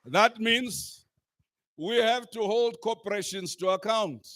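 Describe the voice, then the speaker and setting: A man giving a rousing public speech to a youth assembly, emphatic and full of rhetorical repetition, at times rising to a shout. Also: sits high, takes it slowly. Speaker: speaker addressing a youth climate assembly. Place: live event stage.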